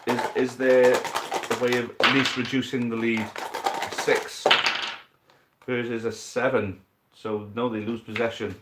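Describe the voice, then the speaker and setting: An excitable man hosts a stream, calling a dice football game live and chatting with viewers, whom he calls mate. His mid-range voice keeps a measured pace, rising at the big moments, and the recording is very noisy.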